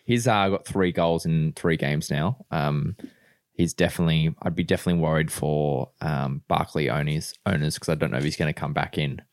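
A man's voice: very deep voice, steady tone, moderate pace, no room sound, studio quality. A man co-hosting a casual football podcast, laid-back and laughing often. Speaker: podcast co-host.

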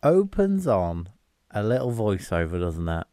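A man's voice: on the low side, sing-song, unhurried, dark tone, no room sound, clean studio sound. A man co-hosting a film podcast, chatting casually with wry asides and thinking-aloud fillers. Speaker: podcast co-host.

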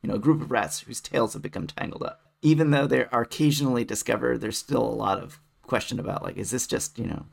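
A man co-hosting a scholarly podcast, explaining in a relaxed, wry way. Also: mid-range voice, fast, vocal fry, few pauses. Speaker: podcast co-host, literary scholar. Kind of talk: casual scholarly chat.

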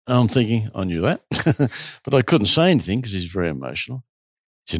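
A man's voice: mid-range voice, a little fast, no echo, studio quality. Man telling a story with relish. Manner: animated, lively storyteller. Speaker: retreat owner telling stories. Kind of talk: casual storytelling interview.

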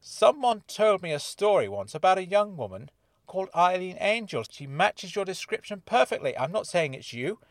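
A man voicing an eager, chatty freelance reporter in an audiobook, talking in an animated, jovial and theatrical way. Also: high voice, moderate pace, no echo, studio quality, pitched above the performer's own voice. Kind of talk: audiobook character voice.

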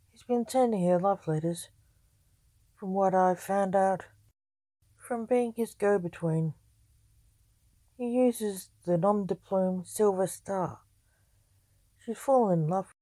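A woman's voice: medium pitch, mellow, no room sound, close to an everyday voice. Woman doing a dry sarcastic ghost guy, storybook read. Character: scolding male ghost, wry and sardonic.

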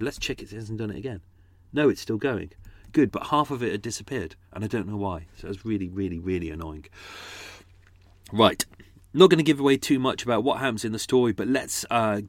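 A man's voice: mid-range voice, no echo. A man talking casually about making his audio drama, rambling and correcting himself as he goes. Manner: rambling, self-correcting, chatty. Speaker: podcast creator. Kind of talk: casual behind-the-scenes commentary.

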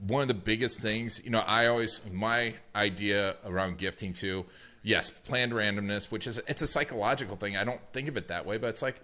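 A man's voice: fairly low pitch, bright, forceful tone. A man hosting a podcast, agreeable and rambling in casual chat. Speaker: podcast host.

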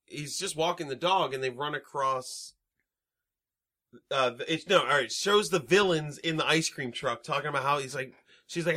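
A man with a bright, somewhat high voice, chatting loosely about a movie. He rambles, swears freely and backtracks to fix the plot order. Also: moderate pace. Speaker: podcast co-host. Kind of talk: casual chat recapping a movie.

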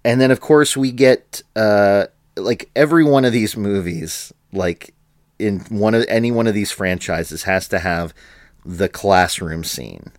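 A man's voice: fairly low pitch, a little slow, no room sound, studio quality. A man co-hosting a podcast in casual chat, rambling with frequent fillers and laughs. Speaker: podcast co-host.

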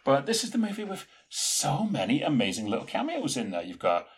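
A man co-hosting a podcast, chatting casually in an animated, rambling way with plenty of fillers. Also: mid-range voice, brisk. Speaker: podcast co-host. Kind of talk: casual chat.

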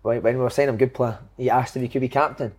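A man's voice: mid-range voice, fairly even intonation, very fast, a little mellow, slightly rough. A Scottish man, a former footballer hosting a casual chat, joking and steering the questions. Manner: jokey, leads questions, laughs often. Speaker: podcast host, former footballer.

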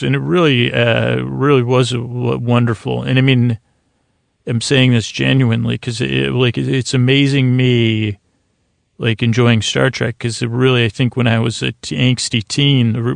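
A man hosting a sleep podcast, recapping a TV episode in a soft, meandering way with many fillers and restarts. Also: mid-range voice, vocal fry, no room sound.

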